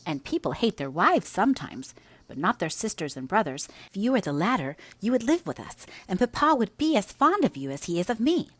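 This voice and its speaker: A woman's voice: mid-range voice, big pitch swings, brisk, a bit bright, dry recording, pitched above the performer's own voice. A woman reading aloud, voicing an impulsive, spirited teenage girl who speaks earnestly. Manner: earnest, impetuous.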